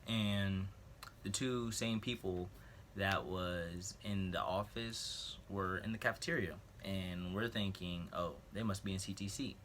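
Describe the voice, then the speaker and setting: Teen male vlogger with a low, forceful voice, loose and rambling as he tells a school story. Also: fairly even intonation, measured pace, a little hiss or hum. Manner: rambling, jokey asides, clears throat often. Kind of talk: casual storytelling.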